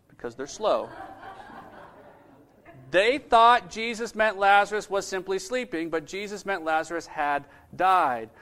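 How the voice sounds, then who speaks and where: Guy preaching a sermon, high voice, chatty, asks the crowd stuff. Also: a bit bright. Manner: conversational, asks the audience questions.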